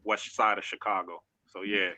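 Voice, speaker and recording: Bright-sounding guy chiming in plainly in a group chat. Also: on the low side, level tone, moderate pace.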